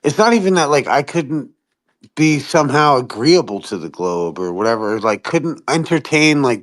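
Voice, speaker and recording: A man chatting casually on a podcast, swearing often and jumping into high-pitched impressions of other people. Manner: profane, animated, mimics people in high voices. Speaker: podcast host. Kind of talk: casual chat.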